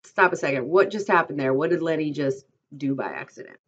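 Brief: low-voiced woman teacher reading aloud and quizzing students, muffled recording. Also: slightly rough. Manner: pauses to quiz listeners.

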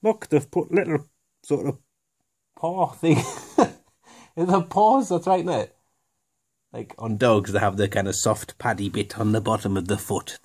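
A man's voice: mid-range voice, measured pace, pauses often, a little mellow, breathy edge. Chatty jokey toy reviewer, man. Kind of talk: casual unboxing chat.

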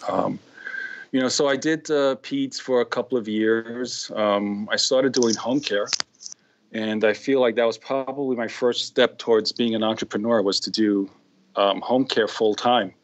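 A man's voice: medium pitch, steady tone, measured pace. Middle-aged New York man, podcast guest, loose rambling talk full of "you know", slightly dull lo-fi sound. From New York, USA. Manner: rambling, many fillers and restarts. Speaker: guest occupational therapist. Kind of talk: casual interview chat.

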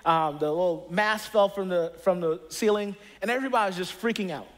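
A man's voice: high voice, brisk, fairly bright tone. A pastor preaching a conversational sermon, earnest and personal, often restarting his sentences as he tells stories.

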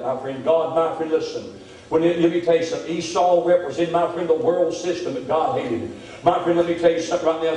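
High-voiced preacher in an echoing church. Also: male voice, darkish tone. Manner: preaching, repeats "my friend" often. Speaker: pastor. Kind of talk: revival sermon. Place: church sanctuary. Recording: very echoey church hall, mic far off. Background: congregation amens.

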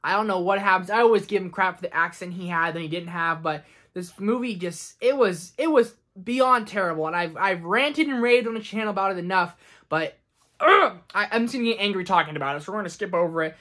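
A man's voice: high-pitched, fast talker, fairly bright tone. Young man ranting about movies. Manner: enthusiastic and ranting, slips into quoted voices. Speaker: movie review vlogger. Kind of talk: casual movie ranking vlog.

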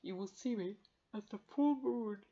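A woman's voice: medium pitch, dark tone, highs cut off, pitched above the performer's own voice, lightly acted. A woman voicing a grave, regal male cat. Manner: slow, solemn, formal speech. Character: dignified male magic cat, grave and commanding.

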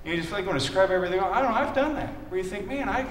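Midwestern male lay preacher, high-pitched, casual and anecdotal, recorded from afar in a reverberant church. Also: animated, rapid-fire, a bit bright. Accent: Midwestern American. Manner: chatty, anecdotal, addresses congregation by name. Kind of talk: casual conversational sermon. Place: church sanctuary. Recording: echoey church from a distance.

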